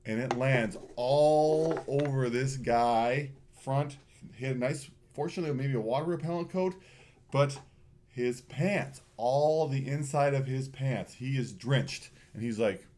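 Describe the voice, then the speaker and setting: A man giving a morning talk at a school and telling students a story from his weekend. His voice sits in a middle range, and he tells the story in a lively way with plenty of ums and uhs. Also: mid-range voice. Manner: animated storyteller, lively with many fillers. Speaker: school speaker addressing students.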